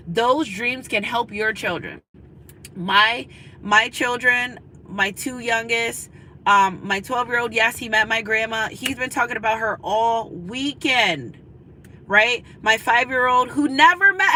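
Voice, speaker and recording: A woman in her thirties talks straight to her viewers as their spiritual guide. Her voice is bright and a touch high. She preaches in a loose, casual way and keeps circling back to drive her advice home. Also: slight background noise, low-quality recording. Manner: preachy, repetitive, emphatic. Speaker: spiritual reader. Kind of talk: casual spiritual pep talk to camera.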